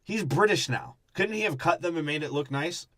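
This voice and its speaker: A man's voice: a little high, animated, a little fast, fairly bright tone, no echo. A young man co-hosting a comedy podcast, riffing crudely on a movie with lots of swearing and mock voices. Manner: profane, jokey, jumps into mock character voices. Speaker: podcast co-host. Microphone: podcast microphone.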